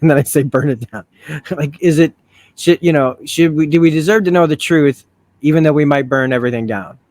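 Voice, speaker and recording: A man's voice: a little high, a little fast, a little mellow, no room sound. A man hosting a casual review, thinking aloud with many restarts and frequent swearing. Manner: rambling, profane, with self-correcting restarts. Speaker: video essay host.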